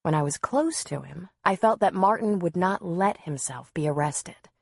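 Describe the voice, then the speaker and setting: A woman narrating a novel in the first person, in a measured, softly expressive way. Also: fairly low pitch, gravelly, breathy edge, dry recording, studio quality. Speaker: audiobook narrator.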